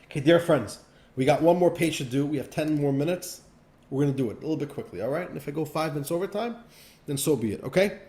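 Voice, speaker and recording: Animated rabbi teaching in an echoey room. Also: male voice, fairly high pitch, fast talker. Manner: expressive, emphatic, pacing changes often. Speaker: rabbi teaching a weekly class. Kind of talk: animated lesson with storytelling.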